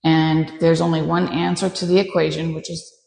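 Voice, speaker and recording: A woman dog trainer calmly and patiently explaining her training steps as she works a dog. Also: normal speed, gravelly, roomy sound, in a large hall, a little hiss or hum. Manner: calm, patient explaining, bursts of high praise.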